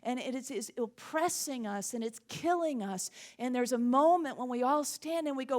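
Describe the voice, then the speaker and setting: A woman's voice: sits high, normal speed, hardly any pauses, darkish tone. A woman minister delivering a sermon with impassioned, rhythmic preaching.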